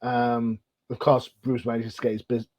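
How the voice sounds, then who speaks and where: A man hosts a casual comic-book podcast in a rambling, chatty way, restarting his sentences often. His voice sits at an ordinary middle pitch. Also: little pitch movement, moderate pace, darkish tone, rough recording. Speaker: podcast host.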